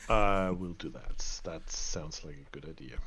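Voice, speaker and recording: A man speaking in character at a tabletop game, slow and deliberate. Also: a bass voice, a bit bright, slight background noise. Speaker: player.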